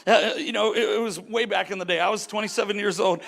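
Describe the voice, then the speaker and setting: A man preacher with a very high, gravelly voice tells a wandering story from the pulpit. His tone is bright and edgy, and he keeps halting, repeating himself and chuckling. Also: steady tone. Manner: halting, full of fillers and chuckles. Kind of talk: rambling sermon storytelling.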